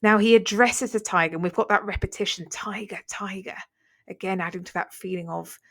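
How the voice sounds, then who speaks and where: A woman's voice: mid-range voice, quick pace. A woman teaching a revision lesson, talking through a poem line by line in a conversational way, with fillers and self-corrections. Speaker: English literature teacher.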